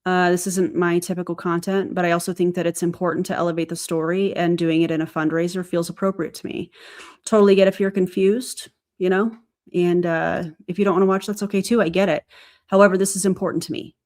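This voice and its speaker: A woman with a lowish voice hosts a live stream. She reads private messages aloud with steady, earnest care and adds brief remarks between them. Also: brisk.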